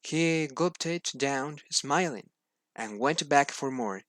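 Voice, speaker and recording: A man's voice: on the high side, slow, a bit bright, dry recording. A student, a man, reading a children's storybook aloud for class, hesitant, with many fillers and restarts.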